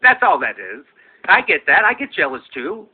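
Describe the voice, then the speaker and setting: Lively high-voiced man, incredulous and profane. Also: moderate pace, breathy edge. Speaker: comedian and show host. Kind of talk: commentary played as a clip. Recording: tinny phone-like audio.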